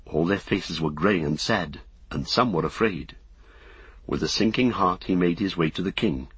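A man narrating a story in a measured, solemn way. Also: low-pitched, a bit bright, slightly rough, no echo. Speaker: audiobook narrator. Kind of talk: scripted narration.

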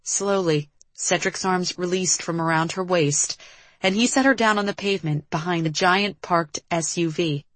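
A woman narrating a novel as an audiobook, in a steady storytelling manner. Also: lowish voice, moderate pace, dry recording. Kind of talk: scripted narration.

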